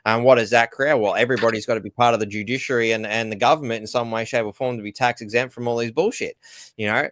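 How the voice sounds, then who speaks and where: A man's voice: mid-range voice, steady tone, fast, fairly bright tone, no echo. An Australian man co-hosting a casual podcast, talking bluntly and ranting with swearing. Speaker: podcast co-host.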